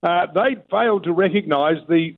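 A man's voice: high voice, moderate pace. Man on a tinny phone line. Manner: chatty, with frequent fillers and restarts. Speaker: radio correspondent. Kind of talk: casual chat with the host.

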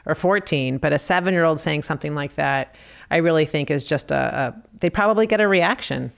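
A middle-aged woman, a pediatrician guest on a podcast, with a low voice full of gravelly fry. She explains things in a calm, reassuring and plain way. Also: fairly quick. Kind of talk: casual interview chat.

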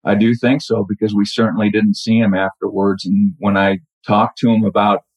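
Husky-voiced man recalling a story. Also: on the low side, level tone, darkish tone, no echo. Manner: halting, reflective, many restarts. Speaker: caller telling a true story. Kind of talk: personal storytelling. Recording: dull lo-fi audio.

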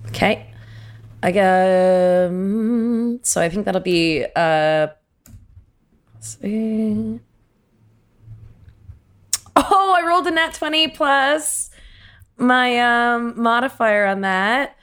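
Woman, tabletop player, slow pace, hesitant, many "um"s. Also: a little high, animated, fairly bright tone, clean tone, soft background music. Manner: hesitant, slow, working through rolls. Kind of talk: casual play at the table.

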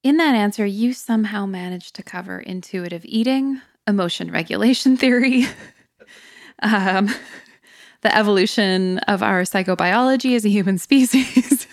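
A woman's voice: mid-range voice, moderate pace, dry recording, clean studio sound. A woman interviewer summing up a guest's answer in an admiring way, laughing lightly. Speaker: interviewer, psychologist.

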